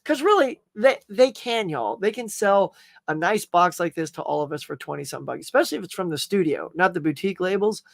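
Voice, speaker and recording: A man's voice: high voice, expressive, a little fast, creaky, no echo. Chatty man hosting a live stream. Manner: chatty, rambling, greets and reads viewer comments; friendly, says y'all and man often. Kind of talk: casual live-stream chat.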